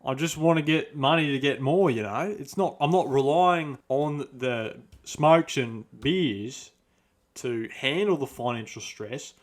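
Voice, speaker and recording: A man's voice: medium pitch, a little slow, lightly acted. A man playing a crude, boastful middle-aged Australian bogan who speaks in blunt slang and swears freely, with an Australian accent. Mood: grumbling. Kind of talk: comedic character monologue.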